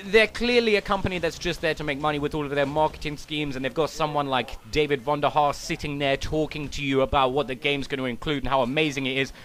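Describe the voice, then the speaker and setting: A man's voice: high-pitched, pushed and bright. A young man giving a ranting, sarcastic and profane gaming commentary. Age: young adult.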